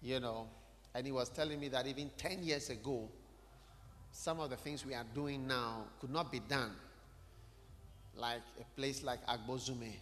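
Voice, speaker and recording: A man's voice: medium pitch, fairly even intonation, normal speed, pauses often, fairly bright tone. Man preaching in an echoey church. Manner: conversational, questions the congregation directly. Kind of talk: sermon. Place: church hall.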